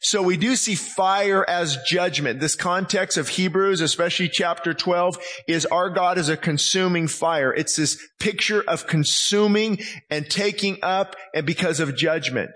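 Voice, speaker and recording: Male pastor, high voice, passionate sermon, dramatized quotes, church setting. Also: unhurried, few pauses, pushed and bright. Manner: impassioned, acts out quoted voices.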